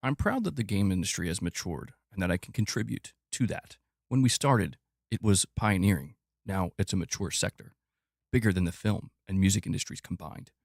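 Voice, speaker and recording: A man putting on a slow, measured, earnest voice to mimic a middle-aged male game executive reading an interview. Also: deep voice, animated, creaky, dry recording, clean studio sound, full character voice.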